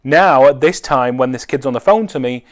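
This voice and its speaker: A man's voice: mid-range voice, moderate pace. A man who builds cars, telling a rambling anecdote with wry swearing. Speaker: car enthusiast. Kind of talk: casual anecdote.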